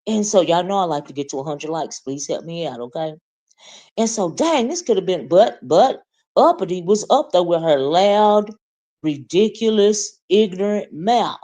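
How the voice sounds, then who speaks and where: A woman's voice: on the low side, a little mellow. A woman hosting a casual livestream, chatting with viewers, greeting them by name and asking "right?" often. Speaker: livestream host.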